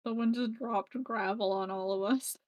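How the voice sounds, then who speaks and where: A woman's voice: a little high, fairly even intonation, moderate pace, a little mellow. A woman chatting casually with fellow tabletop game players, often breaking into laughter. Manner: giggly, laughs between remarks. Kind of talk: casual chat among players.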